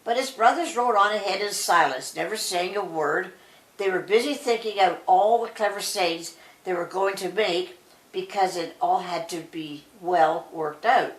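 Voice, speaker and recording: An older woman reading a bedtime story aloud, with an expressive storytelling manner. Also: medium pitch, a little slow. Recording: roomy echo.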